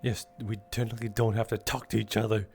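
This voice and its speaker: A man's voice: lowish voice, little pitch movement, fast talker, vocal fry, faint music behind. A man joking and checking details with his fellow players during a VR roleplay stream.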